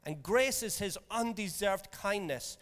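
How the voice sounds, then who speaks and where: A man preaching in a relaxed, conversational way, with a slightly high voice. He keeps checking in with his listeners. The sound carries the long reverb of a church hall. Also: unhurried. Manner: conversational, jokey, checks in with "okay?". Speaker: pastor. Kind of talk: sermon.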